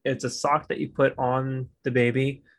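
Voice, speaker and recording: A man's voice: mid-range voice, level tone, moderate pace. A man co-hosting a casual podcast, a father of two who tells laid-back stories, laughs often and swears casually.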